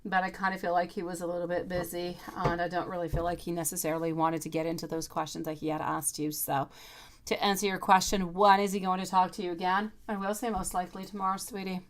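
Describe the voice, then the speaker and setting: A woman's voice: fairly low pitch, level tone, fast talker. A woman in her thirties doing a live-streamed tarot reading, chatty and affectionate, calling her viewers sweetie. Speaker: tarot reader.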